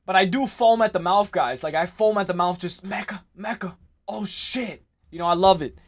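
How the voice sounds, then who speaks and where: A young man hosting a livestream in casual chat, excitable and rambling, often repeating himself and saying "like" and "bro". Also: high-pitched, normal speed. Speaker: livestream host.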